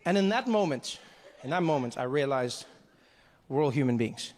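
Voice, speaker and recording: Animated male stand-up storyteller. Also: mid-range voice, normal speed, long reverb tail. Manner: animated, acts out characters. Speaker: stand-up comedian. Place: live comedy stage. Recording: live show with audience noise.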